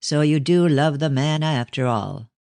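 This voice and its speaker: A man voicing a stern, guarded older Victorian father who speaks in a measured, ironic way in an audiobook. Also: fairly high pitch, gravelly, a little mellow, no room sound. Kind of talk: audiobook reading of a novel.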